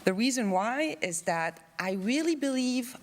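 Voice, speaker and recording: A woman's voice: a little high, expressive. Playful woman presenting an academic award. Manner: playful, teasing, talks quickly in bursts. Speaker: conference co-convener presenting an award. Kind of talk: joking award speech at a conference.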